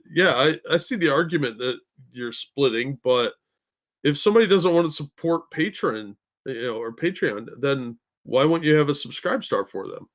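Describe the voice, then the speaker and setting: Dude cohosting a stream, bit high and lively, jokey. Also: male voice. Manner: casual, joking. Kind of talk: casual livestream chat.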